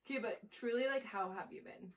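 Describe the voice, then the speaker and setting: A young woman co-hosting a podcast, telling lively stories about her kids and acting out their lines between laughs. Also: on the high side, brisk. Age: young adult. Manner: animated storytelling, acts out kids' lines, laughs often. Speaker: podcast co-host. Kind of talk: casual chat.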